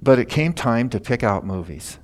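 An older man giving a folksy sermon, telling stories with many "you know" fillers and swinging from soft asides to loud, high bursts. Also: normal speed. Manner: animated, rises high and loud when stirred, drops soft for asides.

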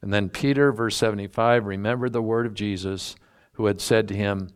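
A man's voice: on the low side, steady tone, moderate pace, clean tone. A man preaching a sermon, teaching through a Bible passage in a folksy, emphatic way and drawing out key words. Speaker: pastor.

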